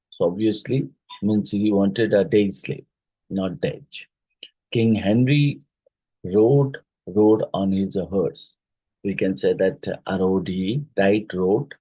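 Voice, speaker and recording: A man with an Odia-influenced Indian English accent teaching a phonetics exam-prep lesson, explaining slowly, spelling words letter by letter and using many fillers. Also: sits low, slightly rough, no echo, narrow, tinny audio.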